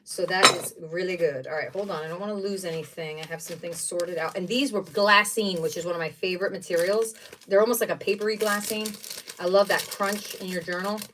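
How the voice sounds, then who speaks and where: A woman's voice: lowish voice, fairly even intonation, fairly quick, background noise. A woman hosting a casual craft livestream, chatting and exclaiming over each item she unboxes. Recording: voice somewhat distant from the mic.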